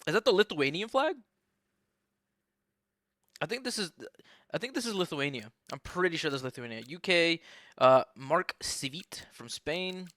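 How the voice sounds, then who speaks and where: A young man streams sim-race commentary in a slightly high voice, recorded close and dry with no room sound. He rambles, jokes and swears freely as he banters with his chat. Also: a bit bright, dry recording. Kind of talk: casual live-stream commentary.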